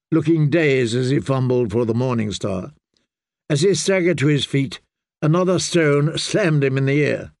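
A man narrating an audiobook in a measured, deliberate storytelling manner. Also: on the high side, vocal fry, no echo, studio quality.

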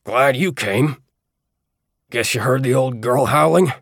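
A man voicing a curt, irritable old man who is hurt and in pain, speaking in a gruff, terse way. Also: mid-range voice, a little slow, a bit bright, no room sound, studio quality, pitched above the performer's own voice. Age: older.

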